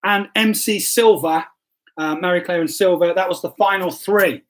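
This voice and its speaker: Brief: male pastor hosting a live stream, high voice, jokey, apologetic, bumbling. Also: moderate pace. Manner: jokey and self-deprecating, stumbles and apologizes. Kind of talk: casual livestream chat, reading quiz results.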